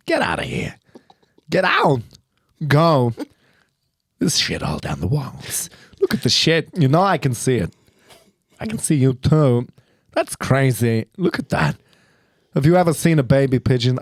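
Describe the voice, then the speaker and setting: Welsh man doing an older actor, deadpan, halting rhythm, dry close sound. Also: mid-range voice, dry recording, exaggerated voice. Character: oddly paced older male actor, deadpan. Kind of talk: comic impression.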